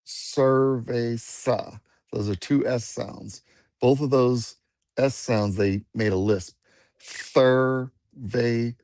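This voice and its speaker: Gravelly man explaining on a call. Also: on the low side, measured pace, no echo, clean studio sound. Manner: relaxed, explains patiently. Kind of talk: casual video-call chat. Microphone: video call.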